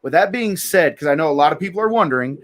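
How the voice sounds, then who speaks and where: A man's voice: on the high side, lively intonation, fast, a little hiss or hum. A young adult man hosting an interview, wrapping up a question and telling viewers about a giveaway. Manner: friendly, direct to viewers. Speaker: host. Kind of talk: interview and livestream promo.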